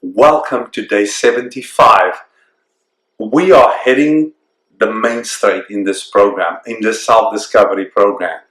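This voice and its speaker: A man hosting a self-discovery program, speaking earnestly and reflectively and slowing down to stress key points. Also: lowish voice, fairly bright tone. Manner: earnest, reflective, slows down for emphasis. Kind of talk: motivational talk to camera. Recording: echoey room.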